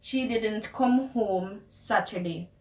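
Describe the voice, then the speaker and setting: A woman's voice: medium pitch, slow. A Jamaican woman hosting a casual language lesson, playfully repeating phrases. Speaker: video host. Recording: echoey room, mic at a distance.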